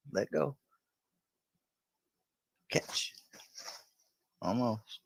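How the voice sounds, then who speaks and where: A man's voice: deep voice, slow pace, pauses often, dry recording. A man livestreaming from home, playfully chatting with his dog in a bouncy, sing-song way. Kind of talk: casual livestream chat.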